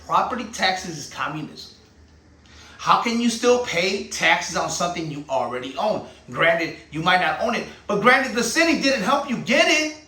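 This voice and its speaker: A man's voice: sits high, sing-song, moderate pace, pushed and bright, reverberant, far from the mic, low-quality recording. A man, a channel host and veteran, delivering a heated, profane monologue full of rhetorical questions. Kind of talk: ranting monologue.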